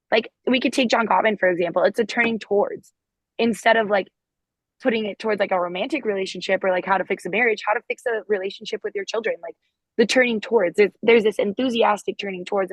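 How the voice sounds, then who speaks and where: A woman's voice: mid-range voice, a little fast, husky, no echo, rough recording. A young woman who was once a therapist, talking in a rambling way with many filler words in a casual panel discussion.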